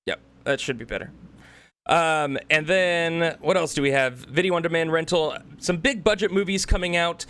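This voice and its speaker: A man hosting a podcast, reading through upcoming releases in a casual chat with quick asides. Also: a little high, fairly bright tone. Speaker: podcast host.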